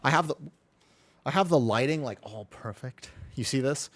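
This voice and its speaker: A man's voice: medium pitch, lively intonation, normal speed. A man streaming from his bedroom, chatting casually with viewers and swearing freely. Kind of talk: casual chat to a live stream.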